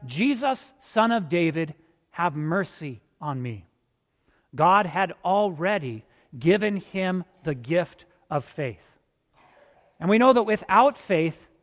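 A man with a high voice preaches slowly, leaning on long dramatic pauses. His words ring out with a long reverb through a church hall. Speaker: pastor. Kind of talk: sermon.

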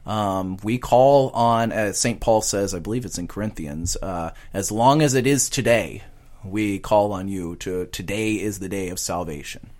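A man's voice: fairly low pitch, unhurried, darkish tone. A man, a pastor, answering questions on a talk show earnestly, with many hesitations.

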